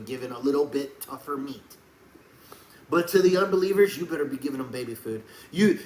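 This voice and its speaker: A man preaching a sermon, swinging between fiery shouts and soft, hushed passages. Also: a little high. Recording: echoey room with faint background noise.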